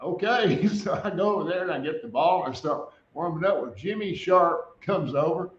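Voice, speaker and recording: A man's voice: a little high, animated, normal speed, echoey room, muffled recording. An older man, a former quarterback, telling stories in a radio interview, laughing often as he goes. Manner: chuckling storyteller, laughs often.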